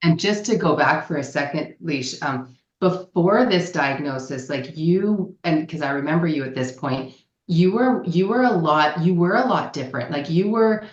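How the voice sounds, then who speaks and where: A woman hosts a relaxed conversation, gently nudging her guest back to an earlier point. Her voice sounds a little muffled and lo-fi, caught in a roomy, echoey space. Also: sits low, normal speed. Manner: gently prompts, recalls shared past. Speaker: host. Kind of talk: casual interview.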